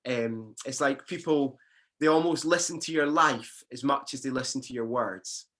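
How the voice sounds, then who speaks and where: A man delivering a sermon as a pastor in an easy, conversational manner. He often restarts his phrases and fills pauses. His voice is bright and forward. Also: medium pitch.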